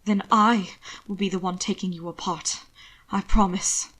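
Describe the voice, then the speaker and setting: A woman voicing a calm, defiant young man who speaks firmly and reassuringly. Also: medium pitch, normal speed, lightly acted. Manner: placid, firm and reassuring.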